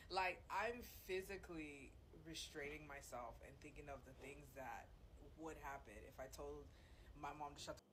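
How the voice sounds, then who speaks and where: A woman's voice: low voice, normal speed, a bit bright, slight background noise, low-quality recording. Chatty woman reacting in disbelief. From Nigeria. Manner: chatty, laughing disbelief, frequent cursing. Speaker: commentator reacting to a viral video. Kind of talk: casual reaction commentary.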